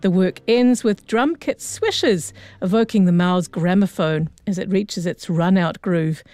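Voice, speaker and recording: A woman presenting a concert on radio, reading scripted programme notes in a smooth, measured way. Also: fairly low pitch, darkish tone.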